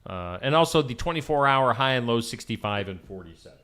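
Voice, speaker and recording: A man's voice: medium pitch, lively intonation, brisk, a bit bright. A man co-hosting a morning show, trading playful quips. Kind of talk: casual banter.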